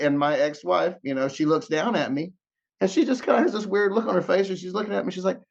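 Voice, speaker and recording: This man speaks fast in a high-pitched, gravelly voice, and the sound is lo-fi. As a podcast guest he animatedly recounts an emotional story, re-enacting the dialogue and frequently repeating and restarting his words.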